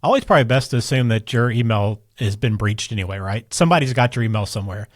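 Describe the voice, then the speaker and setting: A male co-host talks fast in a loose, chatty way, with a mid-range voice. He moves the talk along between topics. The recording is dry and close-miked. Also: lowish voice, expressive, no echo. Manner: quick, chatty, loose with fillers. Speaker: podcast co-host. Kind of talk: casual conversational chat.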